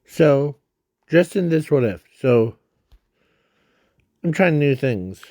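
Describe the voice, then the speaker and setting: Slow, halting man with a dark voice. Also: fairly high pitch, expressive, dry recording, studio quality. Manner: halting, many fillers and restarts. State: breathing hard. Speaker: fan video creator. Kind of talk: casual rambling explanation.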